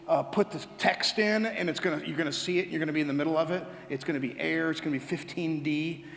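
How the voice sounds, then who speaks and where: Gravelly pastor in an echoey hall. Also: male voice, a little high, quick pace. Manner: animated storytelling, acts out dialogues with God. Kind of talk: conversational sermon.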